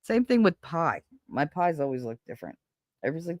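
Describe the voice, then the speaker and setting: Streamer host, man, raised pitch, dry close sound, profane and chatty. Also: fairly quick, vocal fry, no echo. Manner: blunt, profane, animated storyteller. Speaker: livestream host. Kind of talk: casual chat to a live audience.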